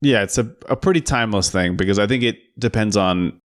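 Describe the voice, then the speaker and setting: Deep-voiced man discussing film ethics. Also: a little fast. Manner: thoughtful, builds arguments step by step. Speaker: podcast co-host.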